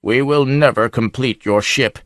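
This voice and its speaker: A man voicing a brooding, haunted nobleman who speaks slowly and somberly, in an audiobook reading. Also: medium pitch, no echo, studio quality, voice pushed up, close to an everyday voice. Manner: somber, slow.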